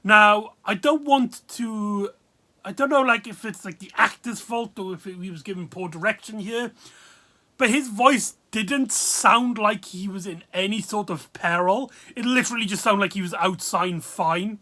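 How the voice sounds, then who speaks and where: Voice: medium pitch, moderate pace, bright, forceful tone. A video reviewer, talking casually and rambling with many fillers and asides. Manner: rambling, full of fillers and laughs.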